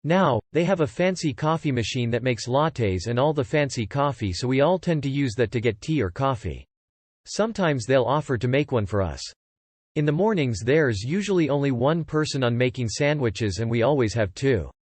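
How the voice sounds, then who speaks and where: A man's voice: mid-range voice, lively intonation, moderate pace, darkish tone, no room sound. A man reading stories in a dry, close voice. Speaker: story reader. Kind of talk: scripted narration.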